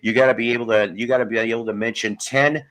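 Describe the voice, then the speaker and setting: A man putting on a chatty Canadian Mountie at a border post, friendly and folksy, who tacks "eh" onto his questions. He sits at a middle pitch for a man, never far from an everyday voice. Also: fairly even intonation, quick pace, fairly bright tone, natural voice.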